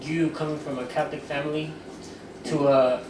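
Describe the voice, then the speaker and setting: A low-voiced woman chimes in with dry, mock-formal teasing. She sounds distant from the mic in a reverberant room with steady background noise. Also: normal speed. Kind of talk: casual chat. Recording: roomy, distant, noisy.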